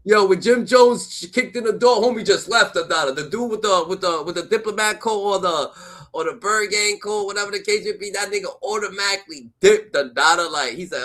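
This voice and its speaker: A man's voice: sits high, brisk, fairly bright tone, soft background music, poor audio. A man giving casual, profane reaction commentary, filling his phrases with "da, da, da" and firing off incredulous rhetorical questions. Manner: profane, rambling, fills every phrase with "da, da, da".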